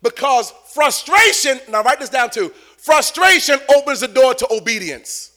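A man preaching a sermon, repeating phrases and building to shouted points. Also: extremely high pitch, moderate pace. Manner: animated, repetitive, building to shouts.

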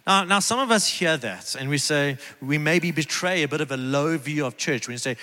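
High bright-voiced guy preaching, earnest and chatty, big echoey church hall. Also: lively intonation, normal speed, hardly any pauses. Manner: earnest, conversational preaching with emphatic repetition. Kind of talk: sermon. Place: church sanctuary, on stage. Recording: long reverb of a large hall.

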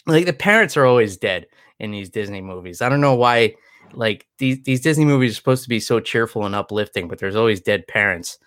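A man's voice: on the low side, expressive, a little fast, a bit bright, no room sound, studio quality. A tired man chatting loosely as a podcast co-host, rambling with many restarts. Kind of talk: casual chat.

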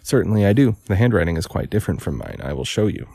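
Haughty, unflappable gentleman suspect, low gravelly voice, read by a man. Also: very animated, fast, heavily acted.

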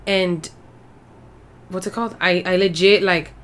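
A woman's voice: fairly low pitch, steady tone, measured pace, fairly bright tone. A woman co-hosting a podcast from Mexico, telling stories in casual chat and switching between English and Spanish with lots of swearing. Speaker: podcast co-host.

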